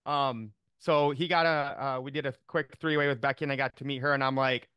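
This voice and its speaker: Upbeat man on a video call, rambling, smooth clear voice, dry sound. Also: medium pitch, flat delivery, fast talker, no echo, dull audio. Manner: upbeat, rambling, many fillers. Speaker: team member on a call. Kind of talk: casual chat on a video call.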